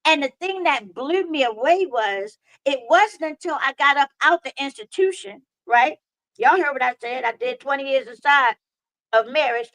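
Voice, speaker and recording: A woman comedian in her forties with a slight lisp, telling stories in a lively, comedic, preacher-like cadence over a video call. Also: sits high, normal speed, no room sound, rough recording. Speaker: comedian guest. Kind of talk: casual storytelling chat.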